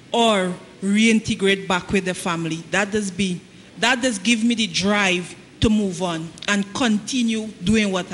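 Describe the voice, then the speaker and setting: A woman with a Trinidadian accent, a field officer, soft-spoken and using local dialect. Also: mid-range voice, slight background noise. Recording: distant mic in an echoing studio.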